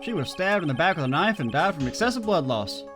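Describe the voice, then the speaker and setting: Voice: mid-range voice, sing-song, quick pace, over music, voice pushed up, lightly acted. A let's player voicing a bumbling, nervous male detective who stammers and hesitates.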